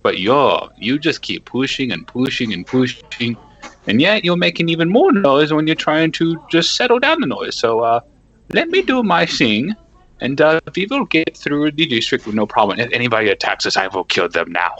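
A haughty armored mage who lectures his companions, as a man voices him at the table. His lively voice swings up and down, on a dull lo-fi recording. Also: mid-range voice, normal speed, voice pushed up. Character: proud, stern male armored magic user.

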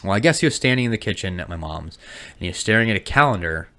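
A young adult man co-hosting a podcast, telling crude stories loudly and breaking into yelled impressions. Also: low-pitched, racing, a little hiss or hum. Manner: loud, animated storytelling with yelled impressions. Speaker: podcast co-host. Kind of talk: casual crude chat.

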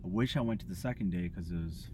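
A young man chatting casually as a podcast co-host, relaxed and slangy, often agreeing along. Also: deep voice, fast talker, noisy background. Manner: laid-back, slangy, lots of agreeing fillers. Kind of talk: casual chat.

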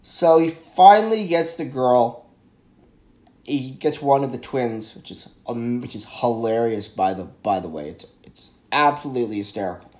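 A man of medium pitch and moderate pace reviews a horror film in a casual, excitable, rambling way. He often stumbles over his words and corrects himself.

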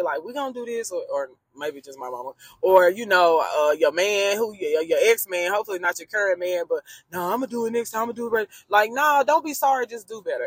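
A woman hosts her faith podcast from her car, speaking in a husky, breathy voice. She talks to her listeners as friends, in a chatty and emphatic way that often turns preachy. The sound is close and dry. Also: lowish voice, a bit bright, no room sound. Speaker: podcast host. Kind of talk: casual faith-based podcast monologue.

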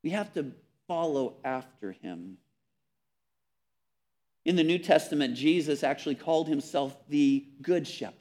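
A man preaching a sermon, earnest and emphatic, repeating words and dropping softly on key phrases. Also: fairly high pitch, expressive, unhurried, pauses often. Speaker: pastor.

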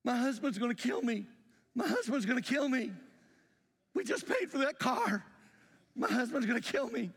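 A man's voice: very high voice, sing-song, normal speed, pauses often, fairly bright tone, husky, long reverb tail, voice pushed up, heavily acted. A man, a pastor, voicing his injured young wife crying in panic, with a raised voice. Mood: tearful panic.

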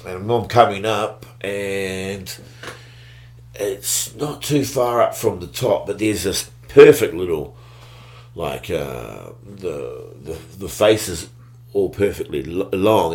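A man telling a story in a laid-back, slangy way, breaking into bursts of excitement. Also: low-pitched, takes it slowly. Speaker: guest. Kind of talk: casual storytelling.

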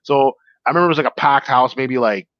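A man, a stand-up comedian, rambles through his stories in a casual interview, stumbling over fillers and restarts. His voice sits at an ordinary middle pitch. The sound is dry and a little dull. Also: fast, dry recording.

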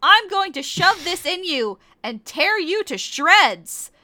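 A woman's voice: fairly high pitch, expressive, normal speed. Woman playing Korra, a fierce hot-tempered heroine. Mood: menacing. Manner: aggressive, shouty.

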